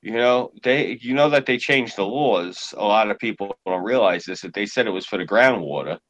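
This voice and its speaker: A man's voice: on the low side, animated, moderate pace, fairly bright tone, rough recording. A man in casual podcast chat, telling stories in a blunt, profane way.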